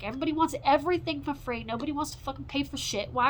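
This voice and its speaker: A woman in her forties ranting in an unscripted, profane monologue, rambling and swinging between loud outbursts and low mutters. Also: fast, hardly any pauses, a little hiss or hum, low-quality recording. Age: 40s.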